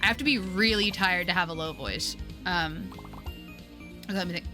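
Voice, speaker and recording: Music plays behind a twenty-something woman chatting casually as she streams a game. She talks at a moderate pace, giggly and upbeat, her voice held high out of long customer-service habit.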